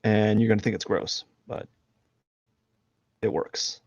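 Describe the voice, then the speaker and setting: Man, live stream artist, casual rambling chat, self-deprecating, gravelly, dry close sound. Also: fairly low pitch, fairly even intonation, slow pace, darkish tone, dry recording, highs cut off. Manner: rambling, jokey, self-deprecating, laughs a lot. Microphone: headphones and desk mic.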